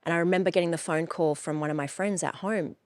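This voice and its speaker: A woman's voice: lowish voice, fairly even intonation, quick pace, a little mellow, no echo. A woman in her forties, telling her own story in a frank, emphatic way that is full of swearing. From Australia. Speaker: coach and podcast host. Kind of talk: personal storytelling.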